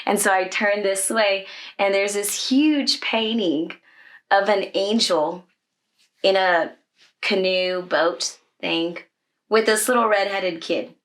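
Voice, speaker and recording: A woman's voice: mid-range voice, takes it slowly. A woman who leads children's ministry, telling a personal story in a conversation, candid and emotional, with many fillers.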